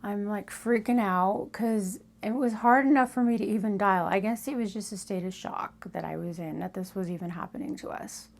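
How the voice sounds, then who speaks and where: A woman telling a personal story in a casual storytelling style, often dropping to a hushed whisper for suspense. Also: mid-range voice, moderate pace, gravelly, few pauses. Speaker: storytime vlogger.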